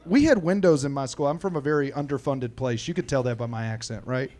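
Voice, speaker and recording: A man from Missouri telling a rambling, animated story on stage, swearing freely as a comedy co-host in a live Q&A. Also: medium pitch, fast.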